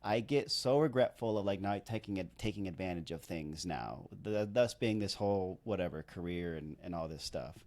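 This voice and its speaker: A man in his thirties rambles through a story on a podcast, chatty and self-deprecating. His voice sits a little low, and he leans on "like" as he talks. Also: lively intonation, moderate pace, hardly any pauses, a little mellow. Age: 30s. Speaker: podcast co-host and wedding videographer.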